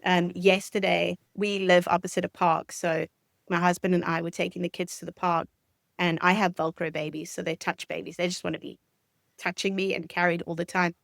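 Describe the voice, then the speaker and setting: A woman's voice: lowish voice, little pitch movement, brisk, creaky, dry recording. Earnest woman counsellor, dry sound. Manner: earnest, explanatory. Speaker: podcast guest, family counsellor. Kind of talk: conversational interview.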